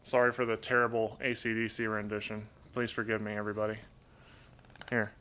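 A man with a raspy voice that sits on the low side runs a casual home Q&A stream, rambling as he reads the chat aloud and speaks to his pet birds. His delivery is flat and fairly quick, with a sharp tone.

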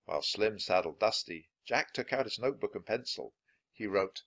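A man narrating a children's chapter book with clear, expressive delivery. His voice is on the low side but swings widely in pitch. He keeps a steady storyteller's flow. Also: moderate pace. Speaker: storybook reader.

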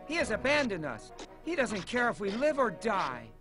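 Brief: high-pitched, theatrical soldier, lively delivery over music. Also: male voice, normal speed. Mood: bitter. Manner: theatrical, overwrought. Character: melodramatic male foot soldier, gloomy then zealous. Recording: game audio over soundtrack.

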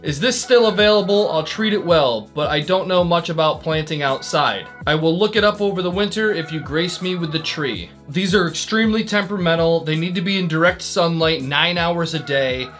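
A man telling a comedic story in a deadpan, playful way, now and then jumping into exaggerated quoted voices. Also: a little high, normal speed, hardly any pauses, faint music behind. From Northeastern US. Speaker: comedic prank video host.

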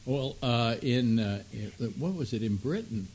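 A man hosting a casual talk show, speaking haltingly with many restarts and posing provocative questions. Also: mid-range voice, lively intonation, darkish tone, husky. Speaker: host.

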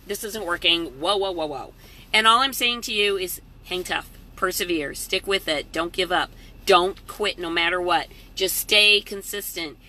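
A woman's voice: fairly low pitch, bright, forceful tone. A middle-aged woman hosting a casual live-stream from her parked truck, chatty and motivational. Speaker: vlog host. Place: parked truck at a rest area.

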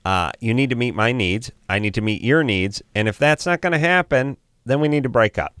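A man's voice: mid-range voice, lively intonation, fairly quick, fairly bright tone, clear, resonant tone, no room sound, studio quality. A man co-hosting a call-in advice radio show, blunt and wisecracking, cutting in over others. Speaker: radio co-host.

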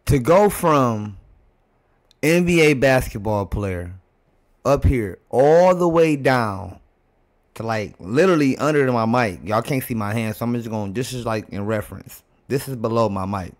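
A man's voice: medium pitch, expressive, a little slow. A man hosting a reaction video, chatting casually and laid-back to his viewers.

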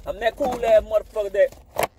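Boastful, loud-talking man ranting in a car. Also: high voice, fairly even intonation, moderate pace, noisy background. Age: adult. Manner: loud, boastful, profane street talk. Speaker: comedic vlogger. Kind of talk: improvised comedic rant. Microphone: phone camera.

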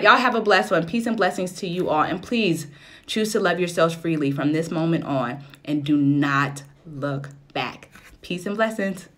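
A woman's voice: lowish voice, animated, normal speed, bright, forceful tone. A woman in her thirties hosting a live stream as a self-love coach, preaching, encouraging and greeting viewers by name. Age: 30s.

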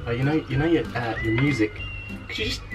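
A man's voice: medium pitch, fast talker, lightly acted. A man doing a fumbling neighbour. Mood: awkward. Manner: hesitant, fumbling. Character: awkward male neighbour asking to lower the music. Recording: echoey room, distant mic, music.

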